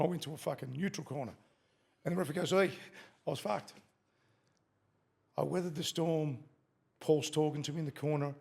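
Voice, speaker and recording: Fairly high in pitch yet darkish in tone, this man's voice is creaky and husky. He's a middle-aged Australian ex-fighter appearing as a podcast guest, telling a story casually with plenty of swearing and acted-out quotes.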